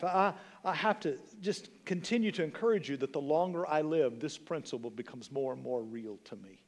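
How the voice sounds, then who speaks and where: A pastor in his sixties delivers an emphatic sermon. His voice sits a little high for a man and he leans on repetition and questions to the room. The sound carries a long reverb from the church hall. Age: 60s. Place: church sanctuary.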